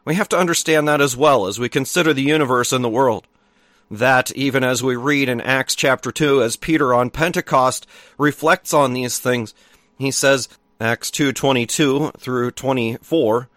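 A man's voice: medium pitch, a bit bright, dry recording. Solemn male pastor reading scripture. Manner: measured, solemn reading with small self-corrections.

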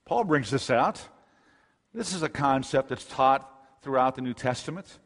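A man's voice: medium pitch, animated, moderate pace. Emphatic man preaching in a reverberant hall. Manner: emphatic preaching, rising to loud bursts. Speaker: pastor. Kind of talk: expository sermon.

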